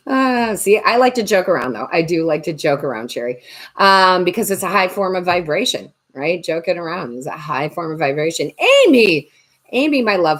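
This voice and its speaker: Woman, low voice, tarot reader, casual livestream chat, jokey, reads comments aloud. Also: expressive, normal speed, a bit bright.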